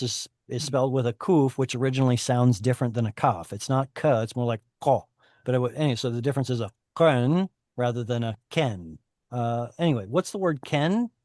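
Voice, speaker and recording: In a medium-pitched voice with a darkish tone, a man runs a Hebrew reading class over video call. He's talkative and explanatory, correcting himself frequently, and the studio-quality audio has no room sound.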